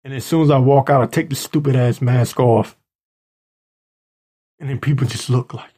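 A man's voice: mid-range voice, fairly even intonation, moderate pace, pauses often, dark tone, breathy edge. A man hosting a podcast, ranting angrily and indignantly, mocking the people he talks about. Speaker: podcast host. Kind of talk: ranting commentary. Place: works in Washington DC area.

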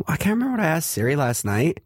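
A man's voice: fairly high pitch, very animated, very fast, breathy edge, no room sound, studio quality. A man co-hosting a casual tech podcast, rambling with hesitant ums. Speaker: podcast co-host.

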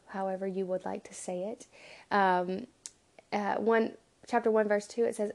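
A woman giving an earnest, halting Bible teaching, acting out pleading prayers to God. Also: mid-range voice, fairly even intonation.

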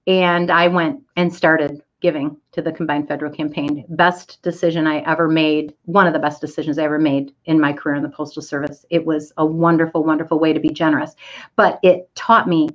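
A woman's voice: sits low, little pitch movement, brisk, dull audio. A middle-aged woman giving an inspirational storytelling talk to an online audience, candid and self-deprecating.

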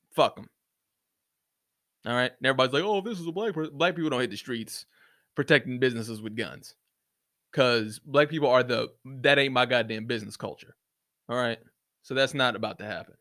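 With a mid-range voice and a sharp tone, this solo podcast host delivers an opinionated rant full of profanity, heat and sarcasm, regularly ridiculing views he disagrees with.

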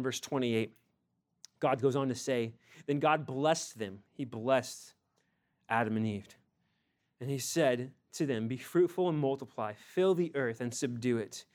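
Young male preacher, animated sermon delivery, swings between hushed and loud, casual slang. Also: mid-range voice. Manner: animated, acts out scripture scenes in casual slang.

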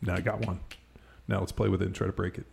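A middle-aged man with a very deep, gravelly voice talks loosely and at length as a podcast host. His sentences wander and fill up with "like" and "you know." He laughs easily between thoughts. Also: level tone, fast, a little mellow. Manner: rambling, filler-heavy, lots of "like". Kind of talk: casual chat.

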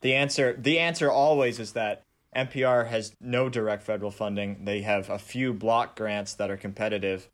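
A man with a somewhat low voice sits on a casual panel. He breaks in with quick remarks and explains his points in choppy fragments. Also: steady tone.

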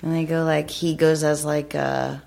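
A woman with a low, gravelly voice speaks slowly, drawing out her words as she chimes in. Her tone is unhurried and casual. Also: little pitch movement, darkish tone. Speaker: guest comedian. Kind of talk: casual chat.

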